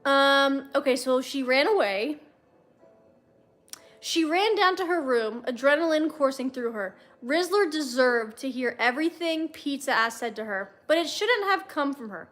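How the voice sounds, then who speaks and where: A woman's voice: high-pitched, animated, a little slow, fairly bright tone. A young woman on a livestream reading fanfiction aloud, breaking off for wry, chatty comments to her viewers. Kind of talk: casual read-aloud with chat asides.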